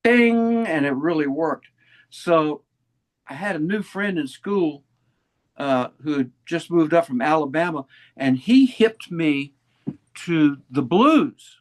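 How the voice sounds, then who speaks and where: Taking it slowly, a Virginian man in his seventies, a guest musician, spins stories in a relaxed interview, full of vintage hipster slang. His voice sits on the high side and sounds animated.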